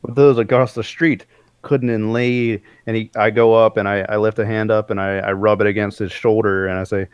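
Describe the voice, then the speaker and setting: A man's voice: fairly low pitch, flat delivery, normal speed, clear, resonant tone, dry recording. A man playing a tabletop game, casually describing his character's actions in the first person. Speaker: player.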